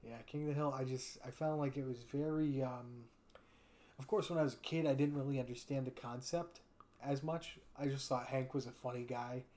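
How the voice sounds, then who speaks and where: A man of ordinary pitch hosts a relaxed podcast conversation. He retells favorite cartoon moments with lively storytelling and slips into quick character voices for every line. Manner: fond of doing impressions. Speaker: podcast host. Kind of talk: casual chat.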